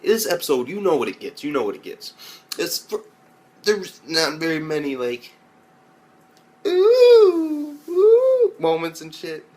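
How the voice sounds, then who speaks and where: A man's voice: fairly high pitch, expressive, moderate pace. A young man giving a loose, rambling spoken recap as an anime reviewer, swearing often and mimicking characters in raised voices. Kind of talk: casual profane recap.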